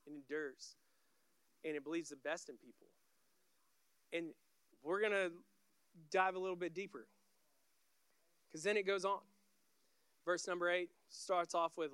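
A man preaching a sermon with a high, ringing voice and a bright, forceful edge. He speaks as a guest pastor in short, clipped phrases, as if chatting. The sound is dry and close, with no room echo. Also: clean tone.

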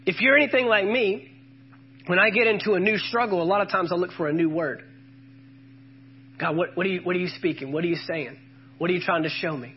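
Husky high-voiced male preacher. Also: brisk, pauses often, lo-fi sound. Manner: emphatic, calls out to the congregation and quotes scripture. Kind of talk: sermon.

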